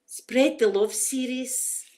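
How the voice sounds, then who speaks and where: A woman's voice: on the high side, steady tone, slow, darkish tone. A woman with a Scottish accent, hosting a casual unboxing chat. She is chatty and emotional and stumbles when reading aloud. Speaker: ASMR channel host.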